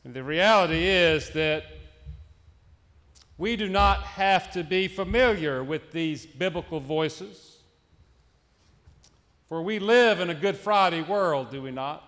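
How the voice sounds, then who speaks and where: A man preaching a sermon as pastor, reciting scripture voices in a slow, measured way. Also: fairly high pitch, animated, a bit bright. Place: church sanctuary. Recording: echoey church hall.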